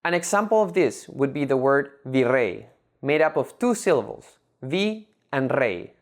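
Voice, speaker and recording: A teacher reads a prepared lesson in a lively voice that rises and falls a lot. The delivery is measured and methodical, with words broken into separate syllables. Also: mid-range voice. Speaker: language teacher. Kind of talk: scripted lesson narration.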